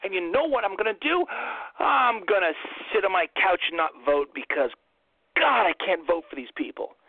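A man's voice: high voice, big pitch swings, normal speed, husky, dry recording. A man hosting an impassioned political monologue, ranting fiercely and firing off rhetorical questions, over a tinny phone-like line. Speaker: host.

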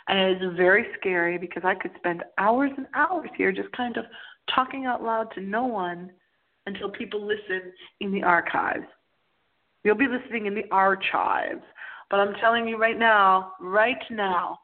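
A woman hosting a late-night radio show, talking in a theatrical, playful, giggly way as she tells a story. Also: mid-range voice. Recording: tinny phone line.

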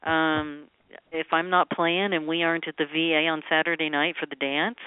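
A woman's voice: deep voice, flat delivery, moderate pace, smooth, dry recording. A woman singer-songwriter chatting as a guest in an interview, rambling with lots of filler sounds. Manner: chatty, rambling with many ums. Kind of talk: casual interview chat. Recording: tinny phone-like line.

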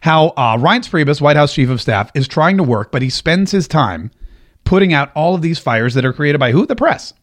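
A man's voice: on the high side, expressive, normal speed. A man hosting a political commentary show, talking casually and animatedly, often stumbling over and repeating words.

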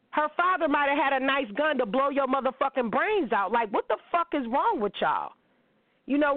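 A woman's voice: high-pitched, no echo. A middle-aged woman hosting a radio talk show, speaking in a blunt, profane, confrontational monologue. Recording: dry, narrow phone-like sound.

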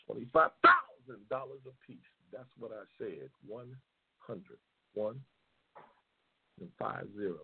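Brief: male talk host, gravelly and husky, brash and profane, tinny phone-quality audio. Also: mid-range voice. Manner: loud, profane and excitable, yelling at times. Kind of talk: casual livestream chat, reading race matchups.

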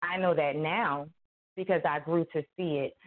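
Against a noisy background, a woman author with a deep voice speaks at a moderate pace over a tinny phone-like connection. She's an animated storyteller in a casual chat, performing quotes and laughing frequently.

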